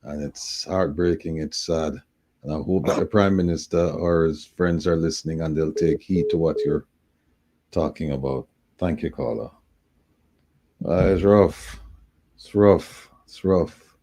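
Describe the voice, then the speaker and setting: A Jamaican man hosting a live call-in show, talking in a very low voice. His tone is dark and mellow. He presses his points hard and repeats them for weight. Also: a little slow. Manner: emphatic, repeats himself. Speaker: talk show host.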